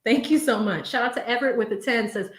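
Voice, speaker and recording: A young woman hosting a live stream from home, with a fairly high voice that carries a roomy echo. She talks in a loose, expressive way, laughs readily, and reads viewer messages aloud between her own remarks. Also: fast. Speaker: livestream host reading viewer super chats. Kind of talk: casual live-stream chat.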